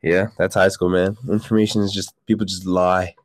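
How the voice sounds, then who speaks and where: A young man co-hosting a podcast, reacting in laid-back casual chat. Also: a little fast. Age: young adult. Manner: laid-back reactions, laughing, lively pitch swings. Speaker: podcast co-host.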